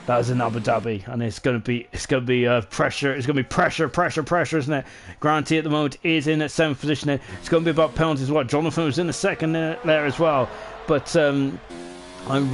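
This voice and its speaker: A man doing live sim racing commentary, chatty and excitable, with lots of fillers and tag questions, who rises into shouts at the finish. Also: mid-range voice. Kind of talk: live esports race commentary.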